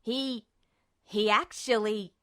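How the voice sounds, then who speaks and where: A man's voice: high-pitched, steady tone, slow pace, a bit bright, clean tone, no echo, clean studio sound. A woman voicing a startled young male soldier who stammers in shocked outbursts. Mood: shocked, stammering.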